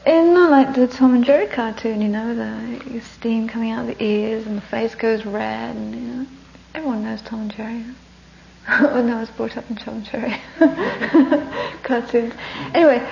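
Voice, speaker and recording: A woman gives a Buddhist talk built around a story, slipping into breathy whispers for emphasis and laughing between lines. Her voice sits a little high, with a gravelly edge. It is heard on a dull lo-fi recording with a faint hum behind it. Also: dark tone. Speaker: Buddhist teacher.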